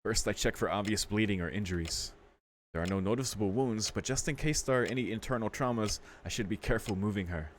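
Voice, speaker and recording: A man's voice: fairly low pitch, fast, slight background noise. A man hosting a let's play, reading a visual novel's text aloud and breaking off to react casually, now and then with a swear. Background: faint game music.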